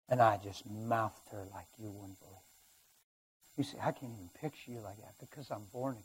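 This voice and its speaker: A middle-aged man preaching a sermon as a personal testimony, swinging between hushed and loud as he tells the story. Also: on the low side, moderate pace, husky.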